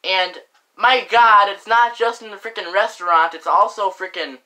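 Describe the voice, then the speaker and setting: A young male vlogger delivers a casual, indignant rant to camera at normal speed, his voice sitting high, pushed and bright, with fairly even intonation. Fillers and mild swearing abound, especially repeated "frickin'" and "like," over a rough recording.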